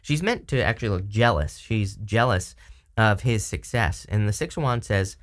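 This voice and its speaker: Chatty low-voiced man reading tarot. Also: moderate pace. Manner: chatty, animated, laughs often, many "like" fillers. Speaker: tarot reader.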